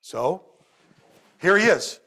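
At a church service, a male pastor delivers a sermon with animation, alternating loud outbursts with soft storytelling. He speaks slowly in a high-pitched voice.

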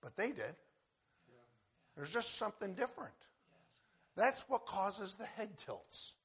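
Gravelly, bright-voiced preacher. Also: male voice, sing-song, slow. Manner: swings from loud shouted acted quotes to low quiet asides. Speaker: pastor. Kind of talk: sermon.

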